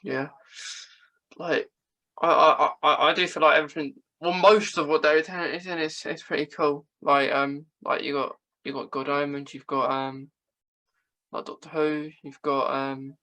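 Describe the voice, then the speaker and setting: A man's voice: on the high side, steady tone, moderate pace, bright, forceful tone, low-quality recording. A man speaking as a podcast guest in casual chat, hesitant and full of fillers and restarts.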